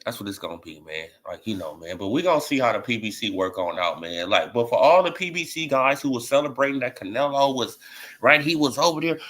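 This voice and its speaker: Animated man ranting in slang. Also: a little fast. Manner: animated, swings from shouting to low mumbling, slangy. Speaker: boxing commentary channel host. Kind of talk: casual ranting commentary.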